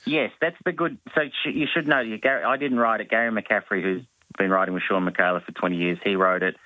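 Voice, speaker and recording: A man's voice: fairly low pitch, fairly even intonation, brisk, no echo, phone-quality sound. A man, an actor guest on a radio chat show, talking in a rambling, self-mocking way with many restarts.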